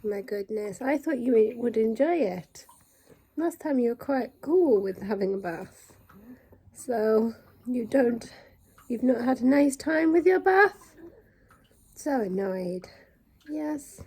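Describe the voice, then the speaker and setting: A young British woman pet sitter in a casual vlog, cooing to animals in soft baby talk while bathing them at home. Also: a little high, expressive, takes it slowly, pauses often, husky. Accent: British English. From United Kingdom. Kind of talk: casual vlog talking to pets.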